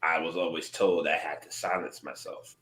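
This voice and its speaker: A man's voice: extremely low pitch, normal speed, roomy sound, rough recording. A man co-hosting a podcast, talking earnestly and thoughtfully about his experience. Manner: earnest, thoughtful, speaks calmly. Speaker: podcast co-host. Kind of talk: casual podcast chat.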